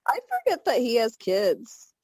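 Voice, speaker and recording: A woman co-hosting a casual podcast, teasing her co-host with quick playful reactions. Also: on the high side, very animated, darkish tone, breathy edge, no room sound.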